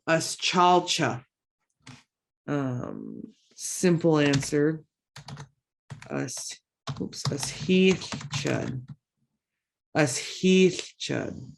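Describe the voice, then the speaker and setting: Slow-speaking woman teaching a language. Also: rumbling low, warm tone. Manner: slow drawn-out word repetitions for learners; chatty asides with self-teasing. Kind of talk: casual online language lesson.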